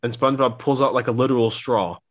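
A man's voice: mid-range voice, steady tone, fast talker. A young man co-hosting a podcast, talking casually and rambling with lots of filler words. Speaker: podcast co-host. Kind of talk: casual chat.

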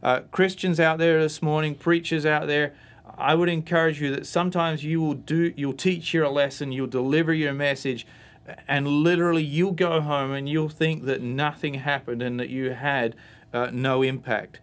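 A man's voice: on the high side, fairly even intonation, moderate pace, clear, resonant tone. Man telling his testimony. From Australia. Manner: storytelling, acts out voices in his anecdotes. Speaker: guest. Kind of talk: personal testimony in a church talk show.

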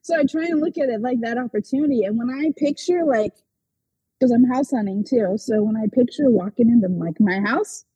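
A woman on a group call sharing personal news in a halting way, with many restarts and soft laughs. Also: high voice, husky, dry recording, low-quality recording. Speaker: call participant. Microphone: video call.

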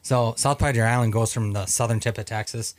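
A man's voice: medium pitch, fairly even intonation, brisk, no echo. A man from Minnesota, a Navy veteran guest, telling stories casually with many fillers and restarts. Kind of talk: casual storytelling interview.

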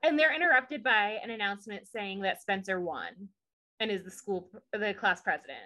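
A woman's voice: mid-range voice, animated, normal speed, pushed and bright. A woman co-hosting a podcast, chatting casually and opinionatedly as she recaps a show, with many asides. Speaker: podcast co-host.

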